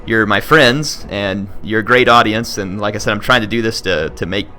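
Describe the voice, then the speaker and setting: A man's voice: fairly low pitch, normal speed, sharp tone, a little hiss or hum. A man talking casually to his viewers as a gaming video host, earnest and rambling with frequent restarts. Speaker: gaming YouTuber.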